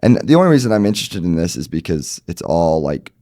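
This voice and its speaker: A man in his thirties who is sick, talking in a very low, dark voice. He chats casually and dryly with a deadpan, trolling edge, tagging lines with "right?". The sound is close and dry. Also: quick pace, no echo. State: sick, voice gone deep. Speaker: podcast co-host. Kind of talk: casual chat.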